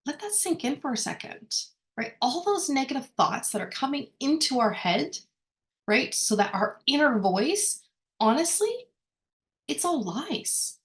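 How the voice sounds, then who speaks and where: A woman's voice: sits high, very animated, normal speed. A woman leading a workshop lesson, talking conversationally, often checking in with "right?" and correcting herself as she goes. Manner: rambling with frequent self-corrections. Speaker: workshop speaker. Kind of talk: informal teaching talk.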